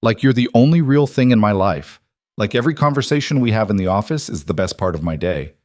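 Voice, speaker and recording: A man's voice: fairly low pitch, lively intonation, fast talker, darkish tone, no room sound, studio quality, lightly acted. A man voicing a shy, tender young secretary. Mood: tearful confession. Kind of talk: audiobook romance narration.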